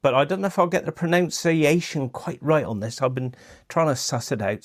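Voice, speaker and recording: A man's voice: mid-range voice, animated, moderate pace, no room sound, studio quality. A man with a Cornish accent hosting a podcast, talking casually and self-deprecatingly. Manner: chatty and self-deprecating, lots of agreeing fillers. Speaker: podcast host.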